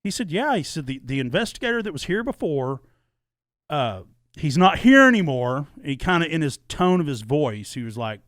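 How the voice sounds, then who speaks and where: Animated man telling a story. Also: on the high side, moderate pace, dry recording, clean studio sound. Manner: animated, acts out quoted dialogue, swears freely. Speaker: podcast guest telling his story. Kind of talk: casual storytelling, podcast chat.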